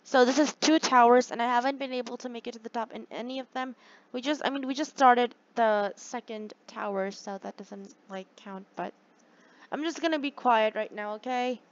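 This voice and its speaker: A woman giving casual commentary over her own gameplay, excitable and chatty with her viewers, gasping and groaning at every setback. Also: on the high side, normal speed, muffled recording. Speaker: gaming channel host.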